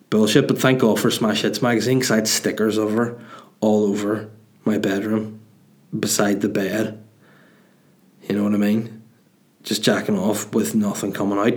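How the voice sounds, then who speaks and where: Northern irish guy hosting a comedy podcast, low-ish voice, crude, meandering, swears a lot. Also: a little mellow. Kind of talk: rambling comic monologue.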